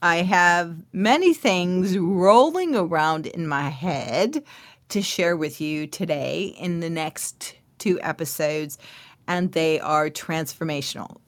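A woman who hosts a podcast and works as a coach, telling a story and greeting listeners in an animated way with thoughtful humming fillers. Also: fairly low pitch, no echo, studio quality.

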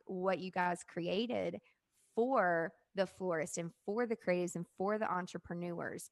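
A woman hosting a casual interview podcast, talking with excited enthusiasm. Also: medium pitch, no echo. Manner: enthusiastic, gushing. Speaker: podcast host.

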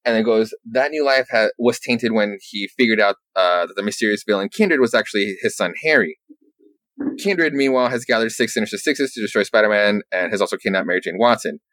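A man casually recapping a story as a podcast host, rambling with lots of fillers and swearing, telling it with animated energy. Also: fairly low pitch, fairly quick, dry recording. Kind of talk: casual chat.

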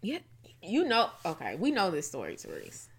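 A young woman co-hosting a casual chat show, talking in a playful, animated way with quick asides. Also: mid-range voice, slightly rough. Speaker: podcast co-host.

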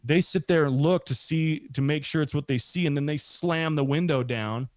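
A man's voice: fairly high pitch, normal speed, no echo. A middle-aged man telling a long story in a casual, rambling way, acting out what other people said. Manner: rambling, animated, acts out quoted voices.

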